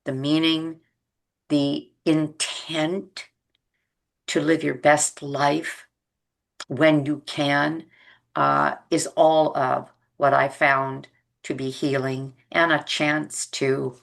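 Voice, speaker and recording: An older woman speaks slowly in a low, gravelly voice, musing aloud to her viewers. She rambles and restarts her sentences often, with plenty of ums along the way. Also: little pitch movement. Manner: rambling, warm and reflective, with frequent fillers and restarts. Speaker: vlogger. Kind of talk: casual vlog monologue.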